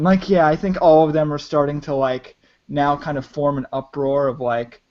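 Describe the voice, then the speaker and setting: A man's voice: on the high side, flat delivery, moderate pace, darkish tone. A man narrating as game master of a tabletop game, talking hesitantly with many restarts. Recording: dull lo-fi audio.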